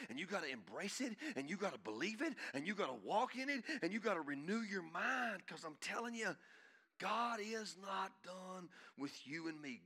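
A male pastor preaching a sermon, swinging from shouting to hushed intensity and calling out to the congregation. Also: a little high. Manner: calls out to the congregation.

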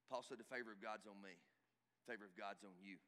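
A middle-aged male pastor, preaching a sermon emphatically, swinging from loud exhortation to hushed asides. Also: lowish voice, steady tone, fast. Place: church hall. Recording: reverberant church hall.

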